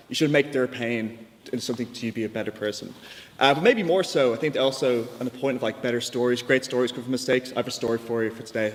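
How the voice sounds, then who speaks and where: A young man giving a chatty, jokey floor speech in a student debating chamber. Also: medium pitch. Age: young adult. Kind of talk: informal storytelling speech. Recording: long hall reverb, faint background noise.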